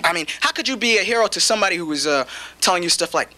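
Animated high-voiced stand-up comic. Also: male voice, rapid-fire. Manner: punchy, animated delivery. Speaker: stand-up comedian. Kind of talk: stand-up routine. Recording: noisy old TV recording.

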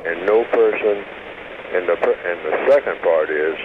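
An older man calling in to a radio interview, laying out definitions slowly and deliberately. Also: low voice. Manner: slow, deliberate, defining terms carefully. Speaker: guest. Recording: hissy phone line on radio.

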